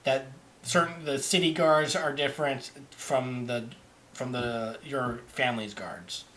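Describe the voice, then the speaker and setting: A man narrating as game master over online voice chat, halting and restarting often. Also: medium pitch, fairly bright tone, a little hiss or hum. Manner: halting, many restarts and fillers.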